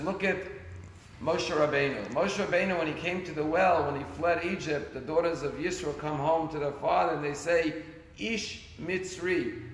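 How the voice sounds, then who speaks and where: A rabbi, a man, preaches with a somewhat high voice and a gravelly edge. He tells stories and pushes hard on the key words. The recording echoes with the long reverb of a synagogue sanctuary. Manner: storytelling with rising emphasis. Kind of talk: sermon.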